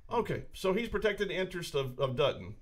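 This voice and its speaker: A man's voice: sits high, very animated, fast talker. A man co-hosting a podcast in a studio, chatting casually with friends, joking, rambling and opinionated. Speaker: podcast co-host. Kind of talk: casual chat.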